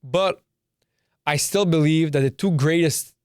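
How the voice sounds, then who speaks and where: A man's voice: fairly high pitch, a little slow, clear, resonant tone, no echo, studio quality. Brash young man ranting on a podcast. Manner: brash, emphatic, repeats himself, swears. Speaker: podcast host. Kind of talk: casual solo podcast rant.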